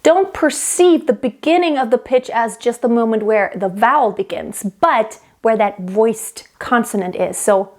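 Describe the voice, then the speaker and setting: Woman singing teacher, slightly high voice. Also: measured pace, hardly any pauses, darkish tone. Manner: explanatory, demonstrates sounds mid-sentence. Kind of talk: vocal technique lesson.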